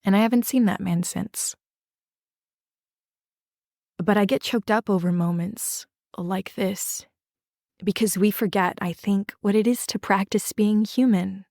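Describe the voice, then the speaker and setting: A woman speaks as a podcast host, telling a personal story gently and earnestly. She guides the listener through breathing and reflection and often asks "right?". Her voice sits mid-range and sounds close and dry. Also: medium pitch, steady tone, measured pace, creaky, long pauses, no room sound. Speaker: podcast host and drama therapist.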